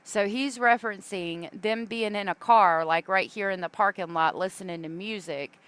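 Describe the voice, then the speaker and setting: A woman's voice: medium pitch, moderate pace, fairly bright tone, clean tone. Chatty woman hosting a livestream. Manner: chatty, reads viewer comments aloud, many fillers. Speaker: true crime livestream host. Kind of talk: casual livestream commentary.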